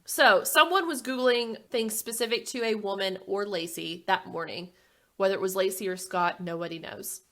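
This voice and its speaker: A woman's voice: mid-range voice, fairly bright tone. A woman co-hosting a casual true crime podcast, walking through case details in a chatty way with frequent asides. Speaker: podcast co-host.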